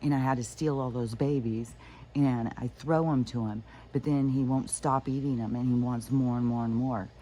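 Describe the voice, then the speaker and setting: An anxious, distressed wife explaining herself in halting, pleading bursts, as a vlogger voices her in a retold story. Her voice stays close to an everyday speaking tone, unsettled and earnest. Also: medium pitch, steady tone, mellow, slight background noise, lightly acted. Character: distressed rural wife confessing.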